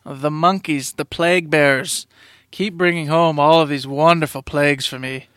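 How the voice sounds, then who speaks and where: A man's voice: on the high side, fairly even intonation, moderate pace, fairly bright tone, no echo. Nasal, stuffed-up man on a podcast. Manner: rambling, self-mocking storyteller. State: sick with a plugged nose. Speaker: podcast co-host. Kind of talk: casual chat.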